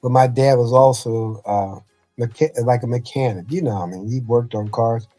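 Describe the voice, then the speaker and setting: A man's voice: medium pitch, moderate pace, warm tone, soft background music. A middle-aged man, a former football coach, telling rambling family anecdotes in casual podcast chat, often saying "you know".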